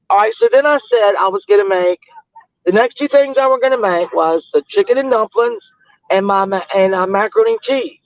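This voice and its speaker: High-voiced chatty man, tinny phone audio. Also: animated, fairly quick, dry recording. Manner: chatty, laughs often, trails off. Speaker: livestreamer. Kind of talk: rambling casual chat.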